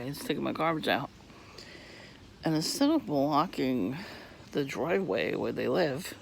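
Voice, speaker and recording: Gravelly, cursing man with a cough. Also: fairly high pitch, slight background noise. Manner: profane, irritated and rambling, laughs often. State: coughing and throat-clearing from asthma. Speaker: vlogger. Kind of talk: rambling casual monologue. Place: outdoors on a residential street.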